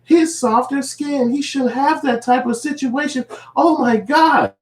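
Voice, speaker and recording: A man voicing a shrill, mocking gossip who squeals with exaggerated fake sympathy. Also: unhurried, roomy sound, far from the mic.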